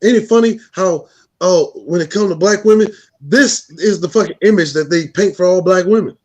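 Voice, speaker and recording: A man with a high but mellow voice co-hosts a casual talk. He mocks and cuts in with profane, excitable remarks. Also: normal speed. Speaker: co-host. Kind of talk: casual commentary.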